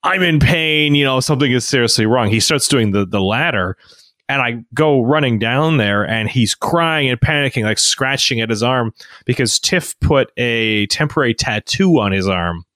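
Animated man with a lively voice. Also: mid-range voice, moderate pace, no echo, clean studio sound. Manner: animated storyteller, acts out voices. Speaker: podcast co-host. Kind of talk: casual chat.

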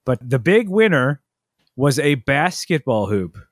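A man talks in a relaxed, rambling way, circling back and restarting his sentences. His voice sits at a middle pitch. It is recorded close to the microphone and sounds very dry. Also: unhurried, dry recording. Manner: rambling storyteller, many restarts and asides. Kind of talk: casual chat.

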